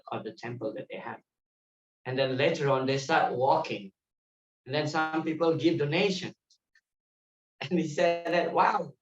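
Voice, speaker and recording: A man teaching a devotional class in a temple, spinning animated anecdotes and laughing as he goes. The recording is muffled and set back from the microphone, with the hall's echo around him. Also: medium pitch. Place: temple hall. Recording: distant muffled mic in echoey hall.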